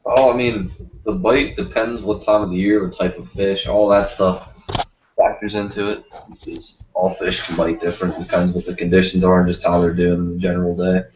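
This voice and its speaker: A man's voice: low-pitched, little pitch movement, normal speed, a little mellow, slight background noise. A man hosting a casual fishing live stream, laid-back and rambling with fillers. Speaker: fishing channel host. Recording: roomy muffled stream audio.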